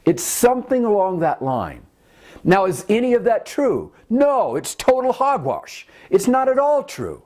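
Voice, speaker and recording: An earnest self-help teacher in their fifties gives a motivational teaching talk. The voice sits at a middle pitch but swings up and down with lively emphasis. They press each point and keep turning questions back on the listener. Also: measured pace.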